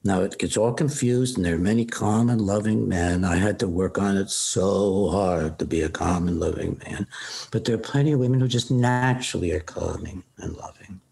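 Older psychiatrist guy telling case stories, raspy and breathy, kinda low. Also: normal speed, a little mellow. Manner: retells cases, quoting patients in his own voice; frank, opinionated. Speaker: psychiatrist guest. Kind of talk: anecdotal storytelling.

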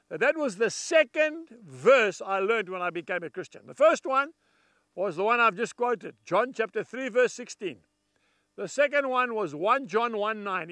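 A man's voice: high-pitched, a bit bright, no room sound, clean studio sound. A man preaching a televised gospel message, talking to viewers in an earnest, folksy and emphatic way.

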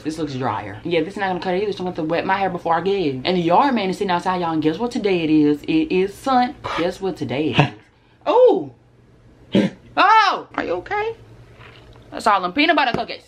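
A woman's voice: deep voice, a little hiss or hum. A young woman, chatting casually in a rambling, slangy way while a little out of breath. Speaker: vlogger. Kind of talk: casual vlog chat.

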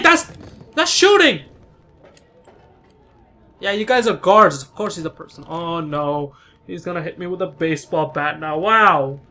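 Panicky, high-voiced let's play guy. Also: bright, forceful tone. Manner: jumpy, cries out in panic, curses at the game. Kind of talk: excitable gameplay commentary.

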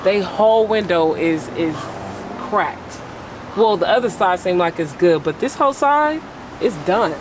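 A woman's voice: on the low side, lively intonation, unhurried, background noise. Chatty woman vlogger. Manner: chatty, rambling, filler-heavy. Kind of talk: casual chat.

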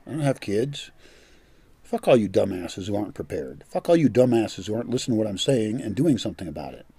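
A man's voice: fairly low pitch, very animated, fast, dark tone, breathy edge, dry recording. An older man giving a blunt, profane monologue as a vlogger, scornful and direct. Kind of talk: ranting monologue.

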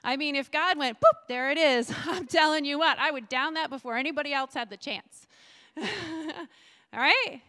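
A woman pastor gives a sermon in a church, her voice sitting high. She talks in a chatty, bubbly way, laughs often and keeps asking the congregation questions. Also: normal speed, sharp tone. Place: church sanctuary.

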